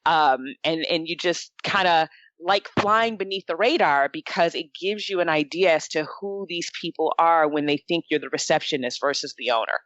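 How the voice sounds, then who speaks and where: Woman salon owner, animated storyteller, lowish voice, dull lo-fi sound. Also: normal speed, no echo. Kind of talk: casual panel talk, storytelling. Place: Michigan.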